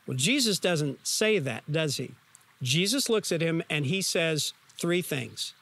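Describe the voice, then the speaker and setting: A man preaches a sermon, telling the story with vivid emphasis. His voice sits high for a man, and he keeps turning to his listeners with questions. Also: lively intonation, a little slow, vocal fry, fairly bright tone. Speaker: pastor.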